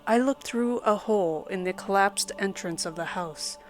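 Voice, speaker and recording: A woman narrating a first-person horror story in a dramatic, measured storytelling manner. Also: medium pitch. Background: soft background music.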